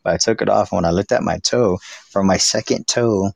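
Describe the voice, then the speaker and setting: A man's voice: fairly low pitch, brisk, vocal fry, a little mellow, dry recording. A man in casual chat who talks in a laid-back way, swears, and laughs often.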